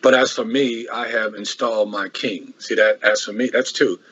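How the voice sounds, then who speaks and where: A man's voice: fairly low pitch, fairly even intonation, moderate pace, fairly bright tone, husky, lo-fi sound. A man preaching a sermon that works through a Bible passage verse by verse, with frequent restarts and rhetorical questions.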